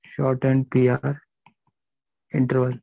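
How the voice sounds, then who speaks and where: A man's voice: medium pitch, completely flat delivery, takes it slowly, creaky, mellow, no room sound, low-quality recording. A man teaching a live physiology class, repeating phrases and checking that students understand.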